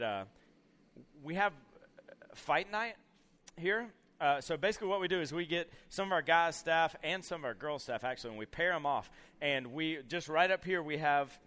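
A young man with a drawl preaches to a camp crowd through a long, playful story. His voice sits a little high and rings bright and forward, and he keeps acting out the scenes between casual "you know"s. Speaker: camp speaker. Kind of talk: storytelling sermon to youth.

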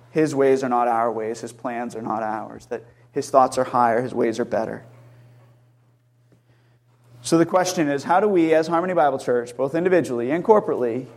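High-voiced emphatic male pastor preaching. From Maine, USA. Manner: emphatic, lifts his voice high on quoted cries; drops low and quiet at phrase ends. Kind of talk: sermon.

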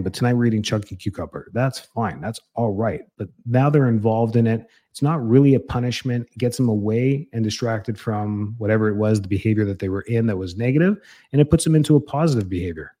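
A man's voice: fairly low pitch, fast, dark tone. A man in his thirties, a chiropractor hosting a show, giving casual parenting advice with fillers and restarts, acting out little parent and child lines. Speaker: chiropractor and podcast host.

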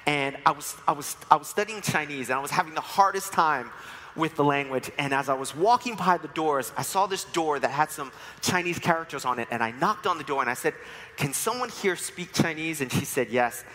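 A man's voice: fairly high pitch, a little fast, pushed and bright. A man in his forties from New York giving a sermon with personal stories, told with playful humor in a church. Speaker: church speaker. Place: church sanctuary. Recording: long reverb of a church hall.

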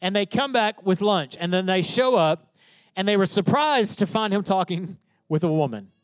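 A man's voice: sits high, expressive, moderate pace, smooth, dry recording. A man preaching a sermon as pastor, stressing key phrases and checking in with his listeners.

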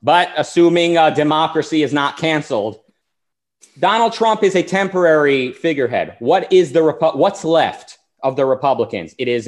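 A man hosting a talk show, delivering an argumentative political monologue and acting out the people he quotes. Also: mid-range voice. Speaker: show host.

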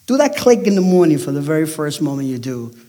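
A middle-aged man preaching a sermon with emphatic delivery, sometimes dropping to near-whispers for effect and acting out the voices he quotes. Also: fast. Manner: acts out quoted voices in a raised, excited pitch. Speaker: pastor.

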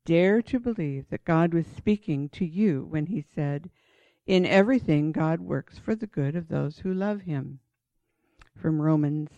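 Woman Bible teacher, sermon delivery, earnest and emphatic, warm low-key tone, dull dry lo-fi sound. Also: no room sound. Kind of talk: sermon-style Bible teaching with read-aloud passages.

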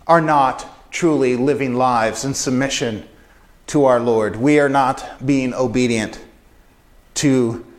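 A man preaching a sermon in an earnest, emphatic way, repeating phrases for stress. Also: fairly high pitch.

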